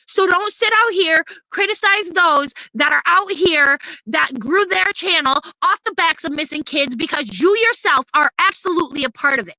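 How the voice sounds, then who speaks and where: High, bright-voiced woman ranting profanely. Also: expressive, measured pace, few pauses, no echo, poor audio. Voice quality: profane, repetitive, confrontational. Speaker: streamer. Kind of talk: heated ranting commentary.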